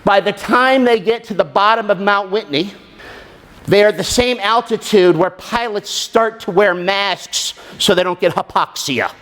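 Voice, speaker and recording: A middle-aged man speaks to an audience in a fairly high voice. He tells his story with lots of energy and acts out the other people's voices as he goes. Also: unhurried, fairly bright tone.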